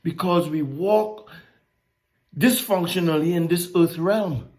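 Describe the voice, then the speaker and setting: A woman preaching a sermon, teaching from scripture in a slow, emphatic way. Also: lowish voice, darkish tone. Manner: emphatic, rising and dropping sharply, slow deliberate preaching.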